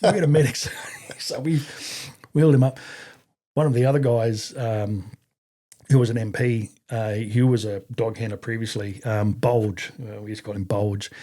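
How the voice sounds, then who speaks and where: A middle-aged Australian army veteran, guesting on a podcast, tells a story in a fairly low voice at normal speed. His delivery is casual, profane and animated, and he acts out what others said.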